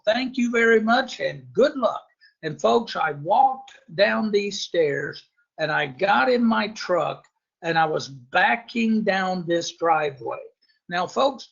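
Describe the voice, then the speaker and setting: A man's voice: high-pitched, vocal fry, a bit bright. A man telling a personal investing story to an audience in a folksy way, often calling them folks. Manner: folksy, addresses listeners as folks. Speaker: real estate investor speaker. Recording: dull lo-fi recording.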